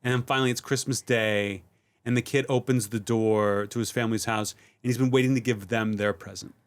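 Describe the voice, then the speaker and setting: A middle-aged man speaks at an ordinary, middling pitch. He is a comedian and a podcast guest, telling his stories in a loose, relaxed way with plenty of fillers. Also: fairly quick, smooth. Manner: relaxed, rambling storytelling with many fillers. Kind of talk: casual podcast chat.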